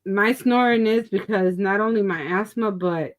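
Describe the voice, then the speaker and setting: A woman in casual chat, telling stories in an animated way as a co-host on an online stream. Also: mid-range voice, normal speed. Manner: animated storyteller. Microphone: online stream call.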